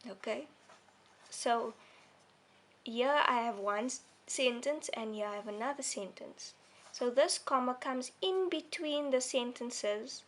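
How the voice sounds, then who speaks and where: A woman's voice: fairly high pitch, a bit bright. A woman teaching a lesson to young children, explaining things simply and patiently and often checking in with "okay?". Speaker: primary school teacher.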